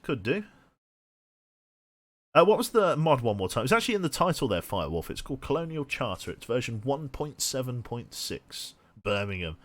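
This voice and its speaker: A man's voice: medium pitch, fairly bright tone, dry recording. A man streaming a game, thinking aloud and rambling to himself with many restarts. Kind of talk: casual thinking-aloud gameplay commentary.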